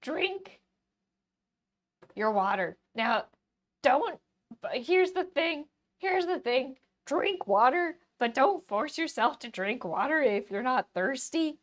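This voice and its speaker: A woman voicing a hyper, over-caffeinated cartoon frog in a silly, excitable stream voice. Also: sits high, slow pace, exaggerated voice. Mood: giddy.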